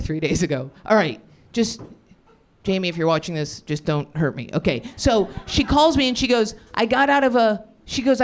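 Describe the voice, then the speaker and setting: A young woman doing improvised stand-up comedy, brash and profane, riffing quickly off audience suggestions. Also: fairly high pitch. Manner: brash, profane, fast-turning riffs.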